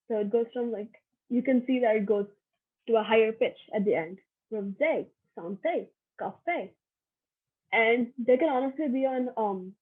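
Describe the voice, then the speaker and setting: A young woman giving a recorded online lesson, slow and patient, repeating each example aloud. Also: on the high side, slightly rough. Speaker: workshop teacher. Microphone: online video lesson. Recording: tinny phone-like audio.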